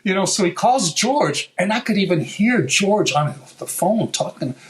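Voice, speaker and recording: An older American man, a guitar maker, telling a story in a lively, casual way, swearing now and then and acting out what people said. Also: high voice, measured pace, rough recording. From United States. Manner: animated, swears, acts out quotes. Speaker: guest luthier.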